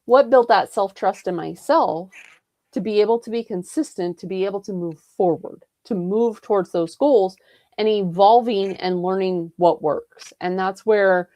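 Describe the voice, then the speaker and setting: A woman's voice: medium pitch, unhurried, a little mellow, no room sound, clean studio sound. A woman in a roundtable chat, explaining her views in an earnest way, often checking in with "right?" and "you know". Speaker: roundtable participant, health coach.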